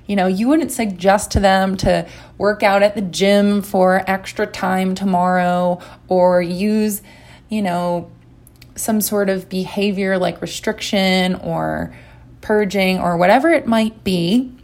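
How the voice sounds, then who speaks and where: Slow, gentle woman coaching recovery. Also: mid-range voice, fairly even intonation. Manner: gentle, encouraging. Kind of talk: instructional talk.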